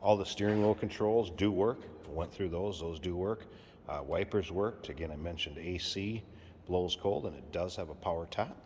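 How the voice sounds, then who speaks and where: A man giving a relaxed, plainspoken walkaround sales pitch for a classic car in a large indoor showroom. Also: normal speed, in a large hall, slight background noise. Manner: relaxed, plainspoken, repeats key points.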